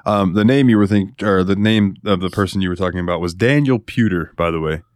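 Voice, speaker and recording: A man co-hosting a casual podcast, chiming in with quick agreement and trivia. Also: sits low, darkish tone, dry recording, clean studio sound. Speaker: podcast co-host. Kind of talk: casual chat.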